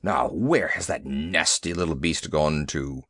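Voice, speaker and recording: A man's voice: extremely low pitch, unhurried, fairly bright tone, no echo, voice pushed down, full character voice. A man voicing a nervous, bumbling male army elephant who blusters and frets easily. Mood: ponderous. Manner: fussy, blustering, easily frightened.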